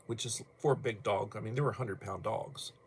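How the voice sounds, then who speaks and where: A man's voice: lowish voice, moderate pace, a little hiss or hum. An older man hosting a casual livestream from home, rambling bluntly and cursing casually between topics. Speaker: livestream host.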